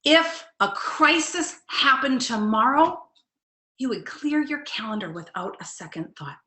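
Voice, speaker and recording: A woman's voice: on the high side, lively intonation, unhurried, sharp tone, echoey room. A middle-aged woman, a life coach giving a motivational webinar talk, earnest and direct, putting questions to her audience.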